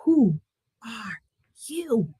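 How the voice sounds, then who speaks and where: A woman's voice: fairly high pitch, very animated, extremely slow, mellow, breathy edge, no echo, clean studio sound, full character voice. A woman squealing as a timid baby kangaroo. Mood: curious. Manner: squealing, startled cries.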